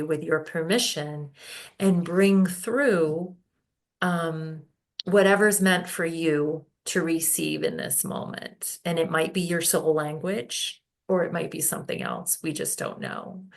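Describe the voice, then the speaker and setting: Slow, gravelly-voiced woman telling a story. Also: fairly low pitch. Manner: unhurried, halting storyteller with many fillers and restarts. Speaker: guest, holistic healing practitioner. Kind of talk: casual podcast conversation, storytelling.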